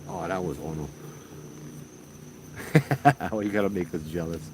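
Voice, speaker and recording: A man's voice: sits low, measured pace, background noise. A middle-aged man from Hawaii with a Hawaiian Pidgin accent, hosting a casual chat and telling stories with lots of laughs. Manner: laid-back storytelling, animated quoted voices, laughs often. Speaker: podcast host.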